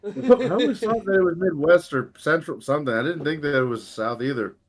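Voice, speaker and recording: A man's voice: fairly high pitch, brisk. A man from Long Island, New York, talking in casual podcast chat, telling stories and laughing easily.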